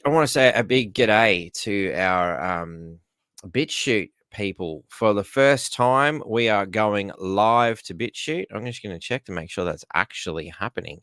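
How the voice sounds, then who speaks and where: A man's voice: fairly low pitch, fairly bright tone, smooth, no room sound, clean studio sound. An Australian man hosting a casual live stream from home, chatting loosely and greeting viewers by name. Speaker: livestream host.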